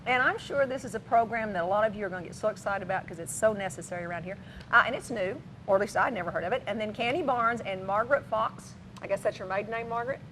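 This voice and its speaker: A woman's voice: medium pitch, fast talker, fairly bright tone, a little hiss or hum. A middle-aged woman co-hosting a local TV talk show in a studio, chatting playfully and teasing her co-host. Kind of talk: casual studio chat.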